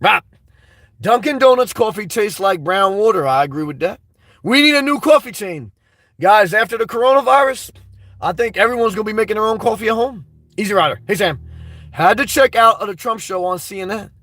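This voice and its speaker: A man with a high-pitched voice runs a casual livestream, reading out his viewers' comments one by one. He answers them in a rambling, blunt and crude way. His voice sits close and dry on the mic, with no room sound. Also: animated, fairly quick, a bit bright, dry recording. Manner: rambling, blunt and crude, reads chat messages aloud. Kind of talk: unscripted livestream chat.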